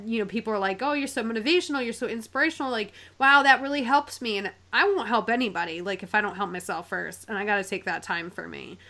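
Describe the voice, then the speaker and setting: A woman's voice: mid-range voice, a bit bright. A woman hosting a podcast interview in a chatty, conversational way, full of "like" fillers. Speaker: podcast host.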